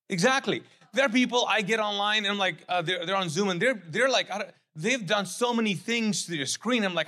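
A middle-aged pastor from Pakistan, preaching a sermon with animated storytelling that settles into quiet, earnest reflection. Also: male voice, sits high, fairly quick, hardly any pauses.

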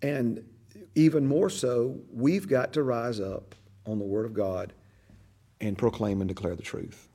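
An older man leads a church discipleship class in a chatty, storytelling way. His voice sits at a middle pitch, and he often acts out the people in his stories. He speaks as a teacher talking to a small group. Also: a little slow, dark tone, slightly rough.

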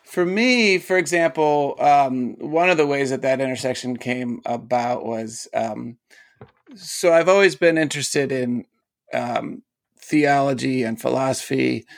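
A man's voice: mid-range voice, a little slow, gravelly, no room sound. A man, a poet and teacher, talks as a guest in an interview and explains ideas eagerly, laughing often. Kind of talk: casual interview talk.

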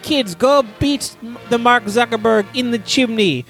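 A man's voice: very high voice, a little slow, fairly bright tone, soft background music, full character voice. A man putting on a jolly mock-accented gift-bringer. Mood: jovial. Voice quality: put-on accent that a listener compares to a cartoon villain.

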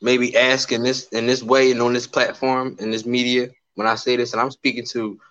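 A man co-hosting a podcast in casual chat, animated and playful, acting out little quotes as he talks. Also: medium pitch, moderate pace, muffled recording. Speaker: podcast co-host.

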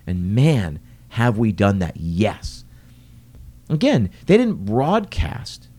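A man's voice: lowish voice, huge pitch swings, slow pace, mellow. A middle-aged man who runs restaurants, talking alone in an earnest podcast monologue full of rhetorical questions. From lives in New York City.

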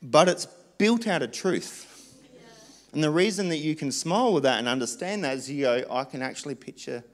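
A man's voice: on the high side, animated, moderate pace. A man preaching a sermon as pastor, earnest and emphatic, urging his listeners with short exhortations.

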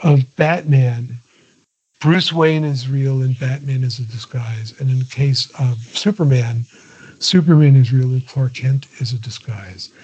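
A man's voice: mid-range voice, fairly even intonation, unhurried, a little mellow, husky. An older man, a guest in a casual interview, talking in a digressive way with many restarts and chuckles. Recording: dull lo-fi audio.

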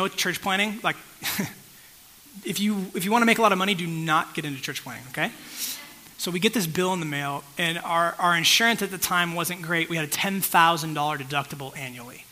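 Bright-voiced man preaching a story. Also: on the high side, fairly quick, low-quality recording. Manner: conversational storytelling, checks in with the audience. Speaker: pastor. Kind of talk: sermon.

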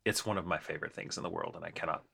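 A man's voice: deep voice, steady tone, very fast, gravelly, pushed and bright, husky. A man co-hosting a podcast in casual chat, playful and teasing, laughing often. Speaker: podcast co-host.

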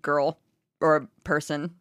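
A woman co-hosting a podcast in casual chat, bubbly and teasing, quick to laugh. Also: low-pitched, level tone, fairly bright tone. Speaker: podcast co-host.

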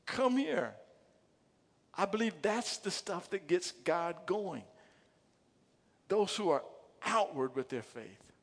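A fervent male preacher with a fairly high voice. He stumbles into repeated words and swings from quiet asides to shouted emphasis. His voice rings with the long echo of a large hall. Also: lively intonation, slow, pauses often. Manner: stammering restarts and repeated words. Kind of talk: sermon.

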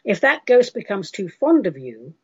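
A woman's voice: medium pitch, big pitch swings, moderate pace, husky, no echo. A woman radio host from England gives spiritual advice, chatting emphatically through listener questions. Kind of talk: casual radio talk answering listener questions. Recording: dull lo-fi radio recording.

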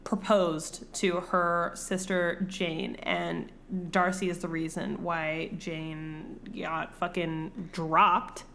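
A woman casually retelling a classic novel in an irreverent, animated way, swearing freely. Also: on the low side, drawn-out words, gravelly, slight background noise. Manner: irreverent, profane, animated storytelling. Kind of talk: casual comedic book retelling.

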